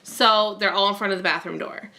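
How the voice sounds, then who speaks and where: A woman's voice: mid-range voice, steady tone, fairly quick, bright, forceful tone. A woman vlogging at home, chatting casually while crafting and telling a long rambling story full of fillers.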